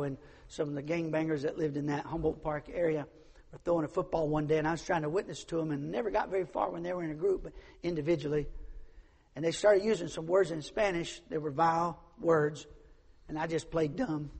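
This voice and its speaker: Husky preacher man in a reverberant hall. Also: a little high. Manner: emphatic, repeats phrases, acts out quoted voices. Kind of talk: sermon with personal stories.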